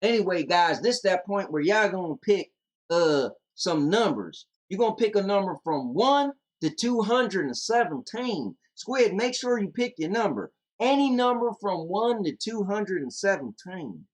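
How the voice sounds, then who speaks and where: A man's voice: high-pitched, very animated, a little slow. A man co-hosting a casual podcast, bantering in a laid-back, slangy way. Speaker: podcast co-host.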